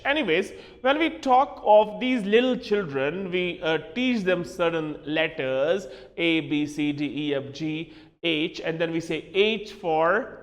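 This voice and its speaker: A man with a high, bright-sounding voice gives a classroom lesson. He is emphatic and spells words out letter by letter. A long reverb hangs on his voice, as if he is in a hard-walled room. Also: unhurried. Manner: switches into Hindi asides. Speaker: English teacher.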